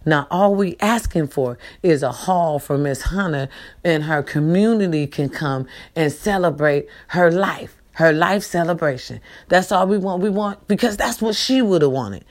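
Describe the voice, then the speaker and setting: A woman with a Black voice pleads straight to camera, emotional and insistent. She repeats her appeals over and over, dropping low and hushed, then rising high and loud. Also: unhurried. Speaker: granddaughter making a public appeal.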